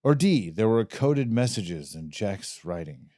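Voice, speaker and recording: A man's voice: lowish voice, very animated, unhurried, dark tone, no room sound, clean studio sound. A laid-back man co-hosting a comedy podcast, reading out quiz questions and saying "dude" a lot. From Southern California. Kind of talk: casual banter, reading quiz options.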